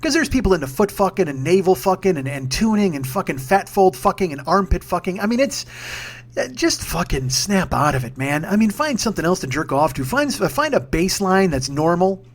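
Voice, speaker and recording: Fast-talking, profane man hosting a podcast. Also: high-pitched, sing-song. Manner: profane, rambling, self-mocking. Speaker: podcast host. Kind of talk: casual solo podcast monologue. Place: home room with a humming ceiling fan. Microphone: sock-covered mic, speaking a bit back from it.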